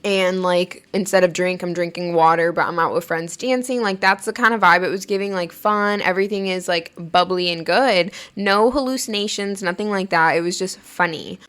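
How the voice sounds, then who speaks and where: A woman's voice: lowish voice, normal speed, few pauses, fairly bright tone, smooth. A woman hosting her own podcast, telling a personal story in a chatty way, full of "like" fillers and laughing while she talks. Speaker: podcast host. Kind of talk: casual storytelling monologue.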